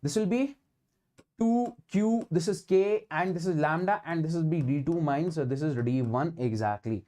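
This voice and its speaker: A man's voice: a little high, moderate pace, dark tone. Emphatic Indian male physics teacher. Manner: repetitive, emphatic, mixes Hindi into English. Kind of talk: online exam-prep lecture.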